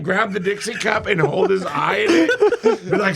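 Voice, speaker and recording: Gravelly, bright-voiced man telling stories. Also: high voice, moderate pace. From rural area. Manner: animated, laughing while telling stories, crude. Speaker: podcast guest or co-host. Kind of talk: casual storytelling.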